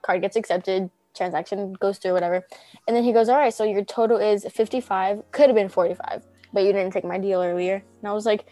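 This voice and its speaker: A woman's voice: mid-range voice, fairly even intonation, a little fast, warm tone, no room sound, soft background music. Rambling teenage girl telling stories. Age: teens. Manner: rambling, heavy use of "like", acts out quotes. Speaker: podcast co-host. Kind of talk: casual chat, storytelling.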